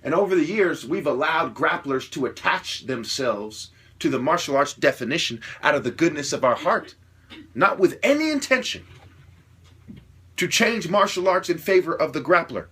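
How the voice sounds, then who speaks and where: A man delivering an opinionated monologue, lecturing with repeated rhetorical questions and swearing, growing louder and higher as he gets worked up. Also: lively intonation, normal speed, husky. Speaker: self-styled martial artist ranting to camera.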